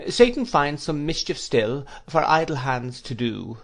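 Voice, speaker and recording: A man's voice: on the high side, sing-song, a little slow, a bit bright, voice pushed up, exaggerated voice. A man reading aloud, voicing a kindly, absent-minded old male schoolmaster who talks hesitantly. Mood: earnest. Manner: raised, hesitant with "uh".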